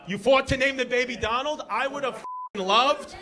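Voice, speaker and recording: A man from Queens doing a stand-up comedy set, loud and animated, shouting punchlines and working the crowd on a comedy club stage. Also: extremely high pitch, normal speed. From Queens, New York. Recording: live club crowd laughing.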